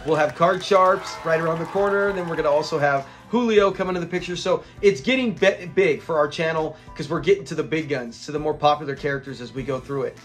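A man with a notably high voice talks through a sitcom episode in a casual, rambling way. He sounds eager as he retells the scenes, with faint music playing underneath. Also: fast talker, few pauses, fairly bright tone. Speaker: host of a classic sitcom review channel.

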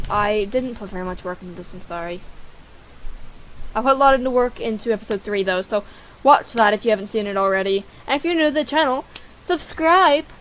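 Excitable gaming host with a high voice and a faint hiss behind it, for gameplay commentary. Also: female voice, low-quality recording. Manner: excitable, yelps and shouts at the game.

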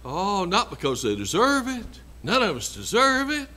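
A man's voice: sits high, huge pitch swings, moderate pace, pushed and bright. A man preaching a sermon in a church, folksy and emphatic, repeating his phrases. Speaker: pastor.

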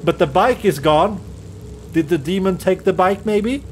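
Game streamer, male, high voice, slow unhurried delivery, skittish and foul-mouthed while reacting to scares. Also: animated, a little hiss or hum. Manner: jittery, swearing, nervous laughter, talks to himself. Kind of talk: let's play commentary.

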